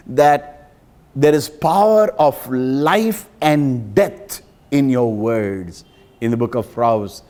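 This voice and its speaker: A man preaching a sermon as a pastor and counselor, emphatic and pleading. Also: mellow. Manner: emphatic, pleading, with dramatic pitch swings.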